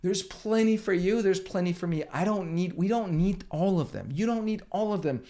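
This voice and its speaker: Energetic man giving a motivational talk. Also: sits high, moderate pace. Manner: energetic, emphatic, casual with swearing. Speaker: business coach and channel host.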